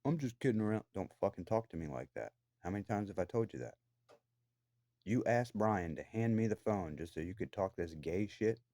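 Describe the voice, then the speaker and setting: A man's voice: low-pitched, animated, moderate pace, warm tone, no echo. A man delivering an angry, profane, accusatory rant to the camera from his own room downstairs in a house. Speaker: vlogger.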